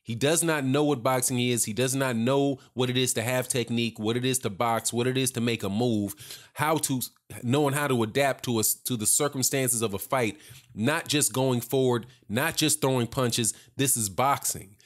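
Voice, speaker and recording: A man's voice: medium pitch, moderate pace. A man giving heated, sarcastic opinion commentary on boxing, repeating his points for emphasis.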